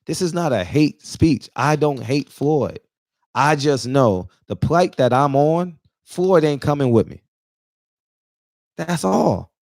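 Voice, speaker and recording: A man's voice: on the high side, lively intonation, takes it slowly, a little mellow, no room sound, clean studio sound. A man in his forties, emotional and near tears, delivering an emphatic, preachy casual monologue that repeats points for emphasis. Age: 40s. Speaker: barbershop talk show regular.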